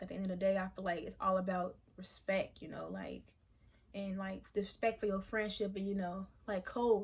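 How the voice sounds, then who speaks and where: Young woman venting frankly to camera. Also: mid-range voice. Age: about 20. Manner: emotional, venting, frank with swearing. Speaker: vlogger. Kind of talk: casual confessional vlog.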